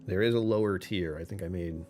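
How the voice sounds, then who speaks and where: A man's voice: low voice, fairly quick, warm tone, soft background music. A man chatting casually on a live stream, rambling and joking with viewers.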